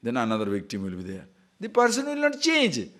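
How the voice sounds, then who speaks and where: Animated man teaching scripture. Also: medium pitch, a little fast. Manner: animated, acts out quoted speech, chuckles at own stories. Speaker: spiritual teacher. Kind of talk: lecture on scripture.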